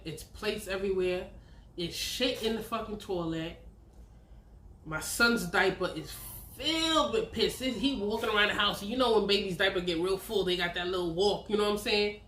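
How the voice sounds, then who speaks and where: A woman's voice: mid-range voice, pushed and bright. A woman, telling a candid, profane personal story on her vlog. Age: 30s. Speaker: vlogger. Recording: roomy echo.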